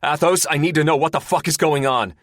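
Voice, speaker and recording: A male narrator voicing a brash fighter pilot who shouts orders and curses mid-dogfight. The voice is pushed high and loud with a lively rise and fall, recorded dry and close. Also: normal speed, no room sound. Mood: shouting. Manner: barking orders, swearing. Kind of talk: audiobook character voice.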